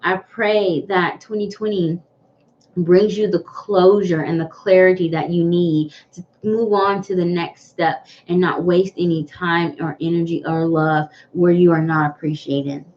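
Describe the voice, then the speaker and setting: A woman's voice: lowish voice, fairly even intonation, a little slow. Earnest woman reading tarot on a livestream. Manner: earnest, repetitive, greets viewers by name. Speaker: tarot reader hosting a livestream. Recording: dull lo-fi livestream audio with faint noise.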